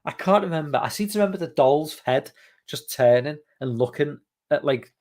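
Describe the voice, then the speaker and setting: A man's voice: on the high side, lively intonation, moderate pace, darkish tone. A male podcast host rambling casually on a live stream, reading viewer comments aloud and swearing freely. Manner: rambling, loose, swears freely, many fillers.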